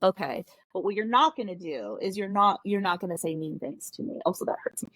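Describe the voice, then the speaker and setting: A woman's voice: mid-range voice, animated, a little fast, fairly bright tone, dry recording. A woman in her thirties, a guest on a podcast, talking casually and bluntly and acting out her kids' lines. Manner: candid, blunt, quotes her kids in dialogue.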